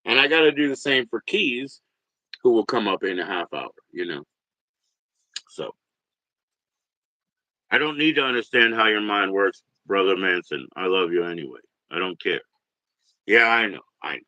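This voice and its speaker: A man in his forties hosting a livestream, rambling and swearing, jumping from loud bursts to mutters. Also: fairly low pitch, animated, moderate pace, pauses often, no echo, low-quality recording. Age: 40s. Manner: rambling, profane, swings between loud and muttered. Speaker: livestream host. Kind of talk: casual livestream rant.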